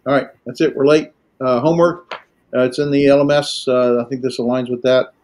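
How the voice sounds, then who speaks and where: A man teaching a language class, lecturing in a halting way with many filler pauses. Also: mid-range voice, fairly even intonation, darkish tone. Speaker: Greek teacher.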